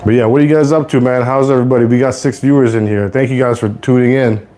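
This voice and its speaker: A young man from Toronto hosting a casual live cooking stream, rambling to viewers in relaxed slang from his home kitchen. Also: mid-range voice, fast, a little hiss or hum. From Toronto, Canada. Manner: laid-back rambling slang-heavy talk to viewers. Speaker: livestream host.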